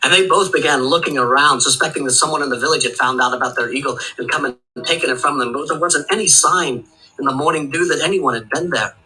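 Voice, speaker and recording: Bright-voiced male storyteller. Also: a little high, quick pace, rough recording. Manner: rhythmic, with long chains of "and". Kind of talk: oral folk tale telling.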